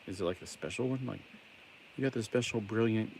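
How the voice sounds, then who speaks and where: A toy collector streamer with a Southern US accent rambles and chats casually while building toys on a live stream, tossing in jokey asides. His voice is lowish, brisk, creaky, and darkish, with slight background noise.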